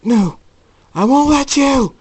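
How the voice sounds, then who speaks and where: A man voicing a hot-tempered young male hero in a homemade storybook reading, often yelling and strained. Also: very high-pitched, expressive, slow, very noisy, voice pushed up, exaggerated voice.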